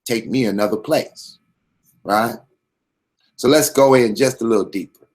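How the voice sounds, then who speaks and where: A man's voice: medium pitch, measured pace, darkish tone. A man hosting his own channel, giving a blunt, profane, streetwise commentary monologue with a preachy swagger.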